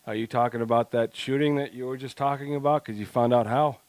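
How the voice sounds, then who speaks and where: A man's voice: medium pitch, steady tone, fast talker, darkish tone, no echo. A man co-hosting a casual podcast, joking around, laughing often and rambling with restarts. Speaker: podcast co-host.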